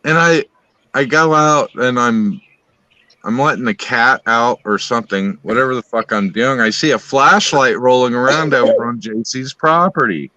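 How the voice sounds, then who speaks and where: A man spins a long story in a bright, forceful voice, swearing in nearly every sentence and piling one aside on top of another. The sound is dry and close, with almost no room around it. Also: medium pitch, normal speed, no echo, dull audio. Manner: rambling, swears constantly, animated retelling. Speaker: storyteller on a live stream. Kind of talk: casual profane storytelling.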